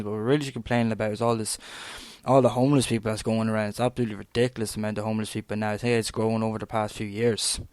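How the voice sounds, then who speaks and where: A man's voice: on the low side, no room sound. A young Irish man in his twenties, hosting a podcast and ranting bluntly in a rambling monologue, swearing freely and peppering his talk with "like.". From Ireland. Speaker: podcast host.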